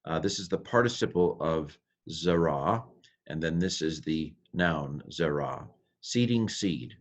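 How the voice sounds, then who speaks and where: A man teaching a lesson over slides, thinking aloud with many fillers and restarts, and slowing down to sound out words. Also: very deep voice, expressive. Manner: slows to sound out words and phrases. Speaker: Hebrew teacher.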